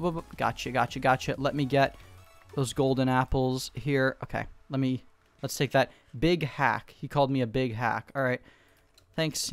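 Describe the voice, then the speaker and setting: A man giving fast, excitable gameplay commentary from home, repeating short calls in quick bursts. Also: mid-range voice. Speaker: gaming YouTuber. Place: home room.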